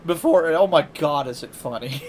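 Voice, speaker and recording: A man with a higher-pitched voice streams live at a moderate pace, chatting casually and telling animated stories. He laughs often, with slight background noise in the audio.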